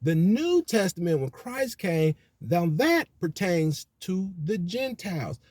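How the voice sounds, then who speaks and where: A man's voice: sits high, very animated, takes it slowly, darkish tone, no room sound. Preachy man, dry close sound. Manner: preachy, repetitive "you know what I'm saying". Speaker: commentator on religion. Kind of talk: casual monologue.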